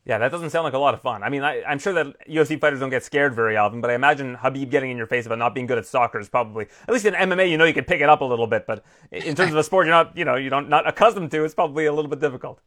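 A man's voice: mid-range voice, a bit bright. A male interviewer asking questions and joking between them. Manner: joking, fast-talking.

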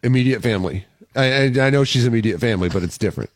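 A man with a fairly low voice talks in loose, casual banter as a co-host. He is blunt and grumbling and tends to say the same thing twice. The sound is close and very dry. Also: lively intonation, very fast, no room sound. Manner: blunt, grumbling, repeats himself.

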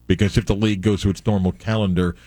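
Low-voiced male sports radio host. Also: level tone, fast talker, dark tone, no echo. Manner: chatty, many "uh" fillers. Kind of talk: casual sports talk.

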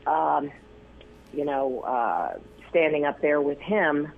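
A man telling stories as an interview guest, rambling with many fillers and restarts, his voice gravelly and husky. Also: fairly high pitch, expressive, slow pace, faint music behind. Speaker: news photographer, interview guest. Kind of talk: casual interview storytelling. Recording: tinny phone line.

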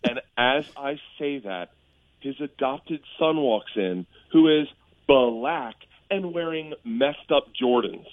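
A middle-aged man, a comedian, tells animated stories on a radio show, laughing and jumping high when he quotes people. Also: slow, no room sound, phone-quality sound. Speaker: comedian guest.

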